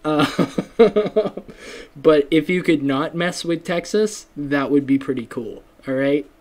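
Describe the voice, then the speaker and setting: A man's voice: a little high, takes it slowly, a little mellow. Rambling man hosting a casual podcast. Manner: rambling, self-deprecating, lots of fillers and restarts. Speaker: podcast host. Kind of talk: casual solo podcast chat.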